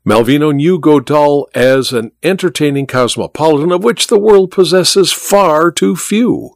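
Expressive male storyteller, dry close sound. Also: a little high, a little slow, vocal fry, no echo. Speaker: audiobook narrator. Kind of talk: storytelling narration.

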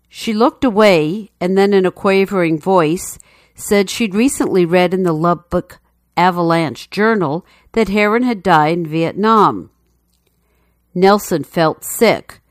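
A woman telling a true story as scripted narration, in a measured, steady way. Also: lowish voice, no echo, studio quality.

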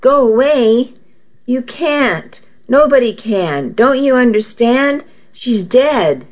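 A woman's voice: a little high, animated, slow, darkish tone, voice pushed up. A woman voicing a panicked young man who stammers frantically, heard on a dull lo-fi recording.

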